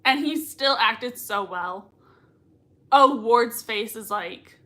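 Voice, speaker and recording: A young woman with a lilt hosts a live reaction stream, her voice sitting high. She talks at an unhurried pace and gushes with feeling, squealing when moments hit her. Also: pushed and bright. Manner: gushing, squealing with emotion. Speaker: livestream reaction host. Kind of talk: excited live reaction chat.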